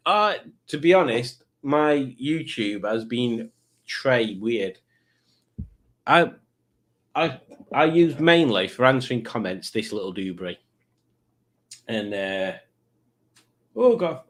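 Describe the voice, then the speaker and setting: A man's voice: mid-range voice, big pitch swings, slow pace, pauses often. A man hosting a live stream in casual chat, reading out viewer comments in a rambling, self-mocking way.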